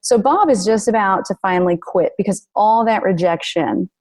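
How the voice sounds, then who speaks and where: A woman author speaking earnestly as a podcast guest, animated when retelling stories. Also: medium pitch, moderate pace. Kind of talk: podcast interview.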